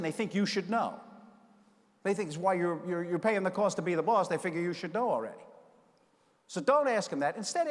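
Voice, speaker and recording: An older man from the United States giving a storytelling keynote speech, animated and acting out the voices in his stories. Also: on the high side. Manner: animated, acts out quoted voices. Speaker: keynote speaker. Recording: long reverb of a large hall.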